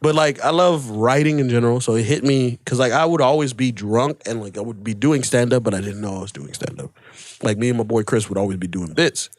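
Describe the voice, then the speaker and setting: A man's voice: mid-range voice, fairly quick, no echo. Young guy telling rambling swear-heavy stories on a podcast, dry close sound. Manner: laid-back, profane, rambling anecdotes. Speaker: stand-up comedian guest. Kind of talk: casual podcast storytelling.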